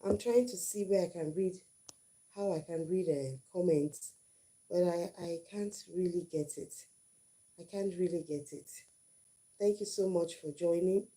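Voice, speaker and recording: Middle-aged woman chatting on her first live stream, earnest, repeats herself a lot, low pitch, really mellow dark tone. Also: measured pace. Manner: earnest, repeats phrases for emphasis. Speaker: channel host on her first livestream. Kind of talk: casual storytelling and advice.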